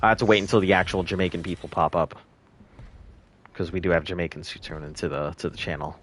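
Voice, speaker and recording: Low-voiced male streamer, casual, mutters under his breath as he plays. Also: fairly even intonation, fast talker, a little hiss or hum. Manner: mutters quietly to himself while playing. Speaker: game streamer. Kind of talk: casual gameplay chat.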